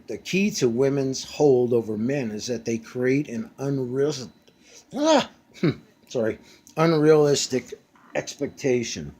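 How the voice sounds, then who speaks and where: A man's voice: mid-range voice, warm tone, breathy edge. A man in his fifties ranting casually from a back bedroom at home, blunt and profane, with many fillers. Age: 50s. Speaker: vlogger.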